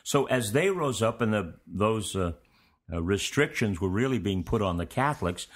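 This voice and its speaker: Low-voiced man giving a rambling history lecture. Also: moderate pace. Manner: relaxed, meandering, conversational delivery. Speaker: history teacher and show host. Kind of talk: informal history lecture to students.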